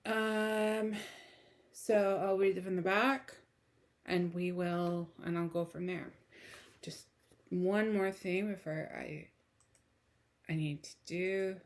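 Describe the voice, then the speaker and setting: A woman with a raspy morning voice giving a casual book review, rambling with lots of ums and restarts. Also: fairly low pitch, steady tone, slow pace, pauses often.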